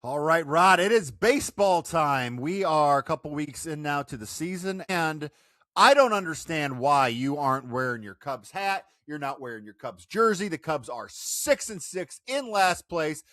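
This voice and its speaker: A man co-hosting a sports podcast, teasing and lively in casual chat. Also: on the high side, dry recording, clean studio sound. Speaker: podcast co-host.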